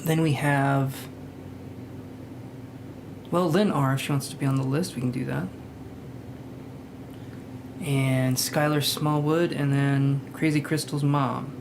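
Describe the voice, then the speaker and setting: A man's voice: mid-range voice, fairly even intonation, slow, gravelly, long pauses, background noise. A man hosting a live tarot reading stream, chatting casually, greeting viewers by name and joking about himself.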